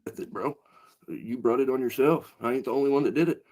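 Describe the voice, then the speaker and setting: Man, mid pitch, casual livestream rant, aggrieved, cursing. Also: warm tone. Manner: aggrieved, swearing, halting restarts. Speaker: livestream co-host.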